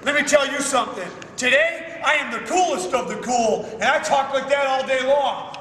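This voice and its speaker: A man's voice: very high-pitched, moderate pace, sharp tone, a little hiss or hum. A man giving a motivational talk to a room of schoolchildren, preachy and emphatic, with streetwise slang and questions thrown at the crowd. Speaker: motivational speaker. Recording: echoey hall recorded from far off.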